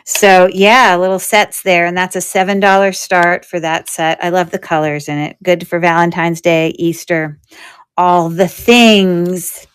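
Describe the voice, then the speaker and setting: Slow, smooth-voiced woman hosting a sale. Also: fairly low pitch, fairly even intonation. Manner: chatty and rambling, thinking aloud. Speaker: host of a live jewelry sale. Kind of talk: casual live-stream selling chat.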